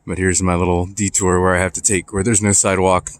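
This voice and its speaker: A low-voiced Texan vlogger rambles while walking through a neighborhood outdoors, filming on a handheld phone camera for a casual walking vlog. He talks quickly with little pitch movement, nostalgic and chatty, using many fillers.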